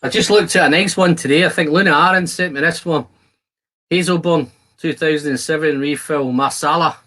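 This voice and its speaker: Brisk, bright and forceful, with a slightly high pitch, a man hosts a relaxed whisky-tasting livestream in his home shed. He jokes around with viewers, reading their comments out loud in a chatty tone.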